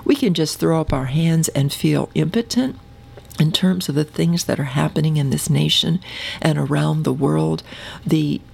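Low husky woman preaching. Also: a little mellow. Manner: earnest, slows for scripture, addresses listeners as beloved. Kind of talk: sermon with scripture reading.

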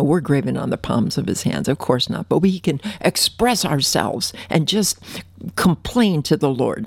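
A woman preaching a radio sermon, fervent and affectionate, reading scripture slowly. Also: low voice, gravelly, a little mellow, slightly rough, no echo, clean studio sound.

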